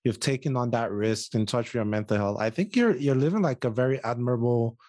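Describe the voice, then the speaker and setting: A man's voice: medium pitch, brisk, a little mellow, dry recording, studio quality. A man hosting a podcast interview, upbeat and teasing, with a casual manner. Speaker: podcast host.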